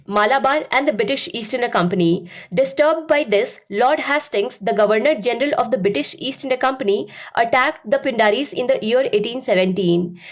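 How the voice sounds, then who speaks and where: High-voiced woman narrating a history lesson. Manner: steady, explanatory lecturing. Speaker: history teacher. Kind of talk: scripted educational narration.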